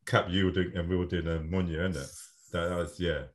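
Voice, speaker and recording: A man talking casually about films as a podcast co-host, relaxed and full of slang and fillers. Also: low voice, normal speed.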